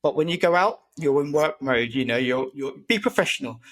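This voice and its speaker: A man's voice: a little high, moderate pace. A man, a guest on a podcast, chatting casually and acting out voices in his stories. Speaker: podcast guest, disability campaigner. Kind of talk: casual storytelling chat.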